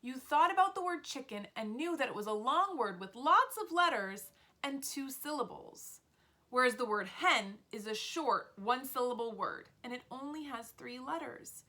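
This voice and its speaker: A woman teaching an early reading lesson to preschoolers, speaking slowly and clearly with encouragement. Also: high-pitched, expressive, pushed and bright. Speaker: pre-k teacher.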